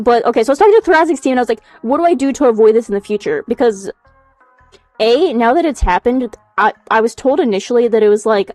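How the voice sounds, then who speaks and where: A young woman streaming from home in casual chat, animated, swearing a lot and laughing often as she reacts to chat. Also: on the high side, no echo. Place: home room.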